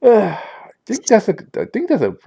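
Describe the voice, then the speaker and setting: A man narrating as game master of a tabletop role-playing session, telling the story in an animated way with frequent stumbles and restarts. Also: high-pitched, moderate pace, creaky, slightly rough.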